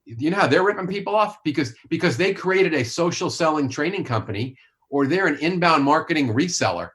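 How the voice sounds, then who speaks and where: A man's voice: fairly high pitch, expressive, fairly quick, fairly bright tone. A man talking as a sales coach and author in a podcast interview, blunt, emphatic and opinionated.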